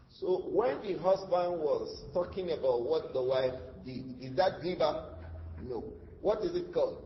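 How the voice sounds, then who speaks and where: A man giving a religious lesson, asking rhetorical questions and answering them himself, with Arabic terms that he then explains. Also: mid-range voice. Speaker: Islamic teacher. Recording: dull, echoey hall with faint noise.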